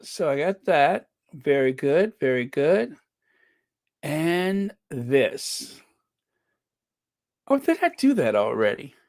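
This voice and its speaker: A man hosts a live stream and chats casually, greeting viewers one by one with jokey asides. His voice sits fairly high, and his speech is slow and unhurried. The sound is dry and close. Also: sing-song, a little mellow, dry recording.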